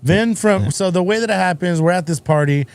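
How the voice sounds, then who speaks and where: A man's voice: high-pitched, fast talker, smooth. A man in his forties hosting a casual chat, telling loose, profane stories and acting out what others said. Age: 40s. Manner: loose, profane storytelling with voiced quotes. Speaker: podcast host.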